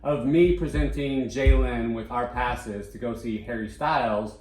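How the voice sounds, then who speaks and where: A man co-hosting a casual podcast, telling stories in an animated way and swearing freely. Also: mid-range voice, unhurried, echoey room. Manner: animated, profane storytelling. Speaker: co-host.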